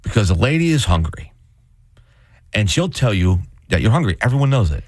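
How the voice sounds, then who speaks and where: A male co-host in a comedic casual chat, telling stories in an animated way and acting out scenes. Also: on the low side, a little fast, husky, dry recording, studio quality.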